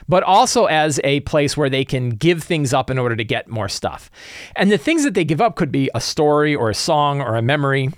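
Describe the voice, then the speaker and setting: Lively man sharing game-master tips. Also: medium pitch, no echo, clean studio sound. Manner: animated, acts out players' reactions. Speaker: tabletop game master giving advice. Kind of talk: casual tips talk.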